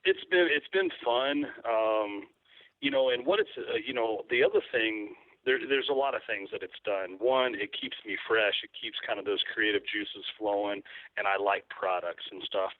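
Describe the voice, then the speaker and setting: A man's voice: lowish voice, moderate pace, no room sound. A man with a Kentucky accent, a guest describing his work in an easygoing, rambling way. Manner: easygoing, rambling with frequent ums. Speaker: guest, turkey call maker. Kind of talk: casual interview talk. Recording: tinny dry phone line.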